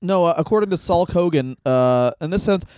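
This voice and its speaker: A man's voice: fairly high pitch, expressive, brisk, a little mellow, clear, resonant tone. A man co-hosting a comedy podcast, chatting casually with crude, profane jokes. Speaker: podcast co-host.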